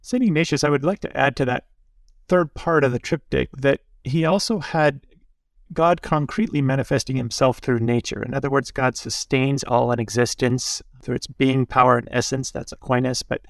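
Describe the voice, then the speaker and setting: A priest with a gravelly, textured voice speaks in a dry, close recording. He teaches reflectively and tells stories in a conversational way, tossing in little asides to his listener. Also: medium pitch, normal speed, dry recording. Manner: storytelling, with asides like "huh?". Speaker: Jesuit priest, guest.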